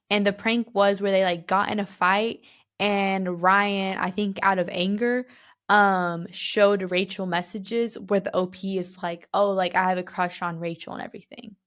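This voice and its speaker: A young woman co-hosts a casual chat podcast. She reads a story aloud and then talks it through, with plenty of "like" and some disbelief. Her pitch sits in the middle range for a woman. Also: fairly bright tone. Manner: chatty, fillers like "like", reacts with disbelief. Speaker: podcast co-host.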